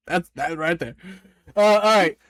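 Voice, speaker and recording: A man's voice: on the high side, fairly bright tone, dry recording. A man running a tabletop game as game master, chatting casually with his players and laughing often.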